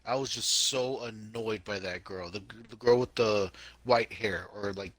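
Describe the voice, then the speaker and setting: A man co-hosting a casual podcast chat, talking in an animated, emphatic way and repeating himself for effect. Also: on the low side, unhurried, dry recording. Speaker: podcast co-host.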